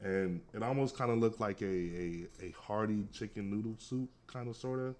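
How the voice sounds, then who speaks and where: A man's voice: fairly low pitch, moderate pace, darkish tone, a little hiss or hum. A man co-hosting a casual food podcast, easygoing and rambling, with lots of fillers. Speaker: podcast co-host.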